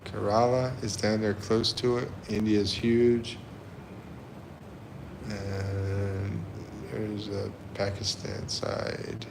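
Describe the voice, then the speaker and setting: A man hosting a livestream, reading chat comments aloud and chuckling often in a relaxed way. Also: lowish voice, takes it slowly, vocal fry, noisy background. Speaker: livestream host.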